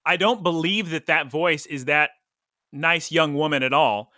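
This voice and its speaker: A man's voice: a little high, measured pace, sharp tone, dry recording, studio quality. A man co-hosting a podcast in casual chat, playful and teasing. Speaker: podcast co-host.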